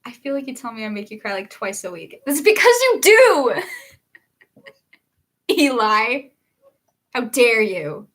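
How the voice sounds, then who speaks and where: A woman's voice: fairly high pitch, big pitch swings, measured pace, long pauses, fairly bright tone. A young woman, a singer-songwriter hosting a casual livestream, chatting, laughing often and reading viewer comments aloud.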